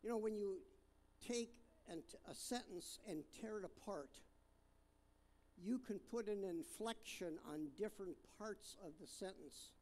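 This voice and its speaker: A man preaching a sermon, reading scripture aloud and talking it through in a halting way with fillers and restarts. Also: sits high, a little mellow. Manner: reads scripture aloud, stressing different words.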